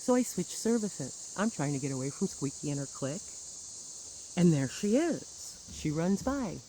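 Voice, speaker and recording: A woman's voice: lowish voice, very animated, normal speed, dark tone, a little hiss or hum, low-quality recording. A woman telling a personal grievance story in a bitter, sarcastic monologue with wry laughs. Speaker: churchgoer recounting grievances.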